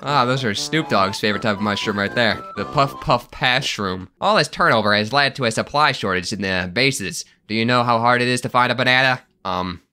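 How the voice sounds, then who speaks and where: A man hosting a comedic gameplay video, jokey and animated, often yelping and laughing at what happens on screen. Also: mid-range voice, a little fast, hardly any pauses, soft background music. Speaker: gaming video host.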